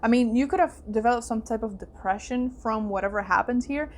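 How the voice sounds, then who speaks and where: A woman's voice: fairly high pitch, brisk, slight background noise. Emotional woman giving a card reading. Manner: emotional, fillers and exclamations, voice softening to hushed asides. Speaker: psychic tarot reader. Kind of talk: casual spoken card reading.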